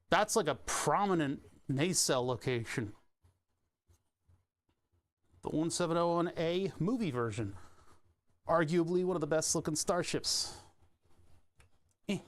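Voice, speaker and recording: A man chatting casually on his stream, rambling and restarting sentences with little chuckles. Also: a little high. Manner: rambling, self-interrupting, chuckling.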